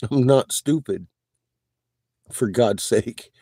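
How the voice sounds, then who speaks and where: A man rants slowly and unhurriedly, swearing at nearly every turn and breaking into laughs and coughs. His pitch sits in an ordinary middle range. The sound is close and dry with no room ring. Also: very animated, dark tone, no echo. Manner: swears constantly, laughs often and coughs between remarks. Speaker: livestreamer. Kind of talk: casual profane rant.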